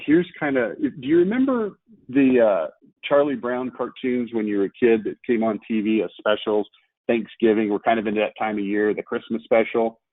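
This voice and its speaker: A man with a fairly low voice gives a marketing webinar lecture, hammering his points with rhetorical questions and repeated key words. The recording is dry and tinny, like a phone line.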